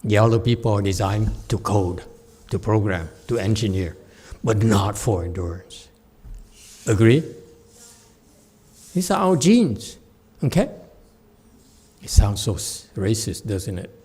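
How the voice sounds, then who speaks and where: A man, a Buddhist master, giving a Dharma lecture as an animated, joking storyteller who acts out the people in his story. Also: fairly low pitch, slow, long pauses, breathy edge. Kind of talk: sermon.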